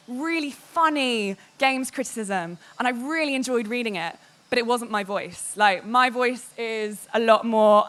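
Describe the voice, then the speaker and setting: A woman giving a candid, animated public talk to an audience about working in games media. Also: on the high side, normal speed. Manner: animated and candid, quotes others in lively voices.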